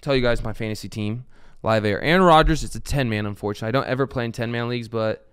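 A man's voice: medium pitch, fast talker, clean tone. A young man hosting a fantasy football show, rambling casually and swearing now and then. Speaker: podcast host.

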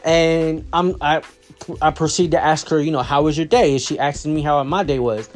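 A man's voice: fairly high pitch, fairly even intonation, normal speed, faint music behind. A father casually telling a story about his daughter, rambling with many fillers and restarts.

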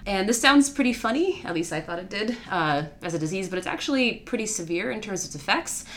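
A woman's voice: medium pitch, lively intonation, fast, fairly bright tone. A woman co-hosting a casual chat, presenting a researched topic in a wry, playful way and laughing often. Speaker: podcast co-host.

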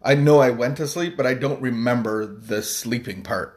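A man's voice: mid-range voice, moderate pace, darkish tone. A man co-hosting a morning live stream, talking in a rambling, jokey way and chuckling often. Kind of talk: casual morning chat.

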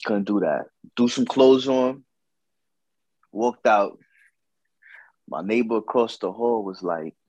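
A man's voice: on the low side, slow pace, long pauses, darkish tone, no room sound, low-quality recording. A man telling a casual story about a night out, slangy and profane, acting out what others said.

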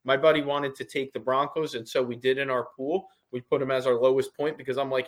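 A man co-hosting a sports podcast, talking in a relaxed, conversational way and giving firm opinions. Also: medium pitch, brisk, few pauses. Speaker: podcast co-host. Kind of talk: casual sports podcast chat.

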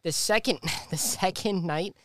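A man's voice: sits high, unhurried, a bit bright, dry recording, studio quality. A young man co-hosting a podcast, telling stories in a rambling way with laughter in casual chat. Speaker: podcast co-host.

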